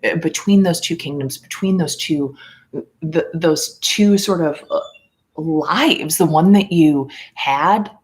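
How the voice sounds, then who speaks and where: Podcast host, woman, low pitch, loose rambling chat, filler-heavy. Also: takes it slowly, a little mellow. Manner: rambling, many fillers and restarts; mimics others in a higher voice when quoting. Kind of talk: casual livestream chat.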